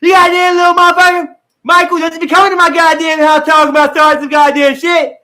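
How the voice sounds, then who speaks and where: A man doing a shrill, yelling, foul-mouthed old man. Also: little pitch movement, fast. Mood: angry. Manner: shouting, swearing, hot-tempered. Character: foul-mouthed bossy older man, money-obsessed.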